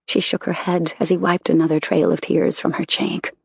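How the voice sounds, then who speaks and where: An audiobook narrator reading a romance novel in an intimate, measured way. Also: medium pitch, level tone, vocal fry, husky, no echo.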